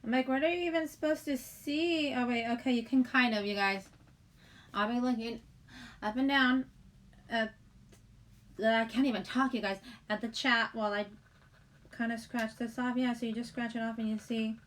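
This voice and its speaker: A woman's voice: fairly high pitch, steady tone, normal speed, pauses often, fairly bright tone. Chatty, giggly woman livestreaming. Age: middle-aged. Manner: chatty, giggly, rambling, greets chat viewers. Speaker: livestream host. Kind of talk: casual livestream chat.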